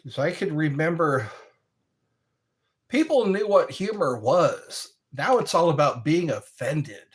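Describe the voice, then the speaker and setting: Male stream host, slightly high voice, unhurried rambling chat, quick to chuckle. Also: animated. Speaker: livestream host. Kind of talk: casual chat answering viewer comments.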